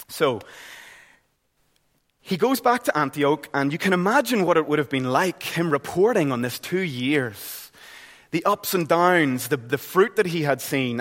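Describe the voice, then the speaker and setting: A man's voice: mid-range voice, a bit bright. A middle-aged man with a Northern Irish accent preaching a sermon in a church, earnest and conversational. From Northern Ireland. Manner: earnest, conversational, with frequent restarts. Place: church hall. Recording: long hall reverb.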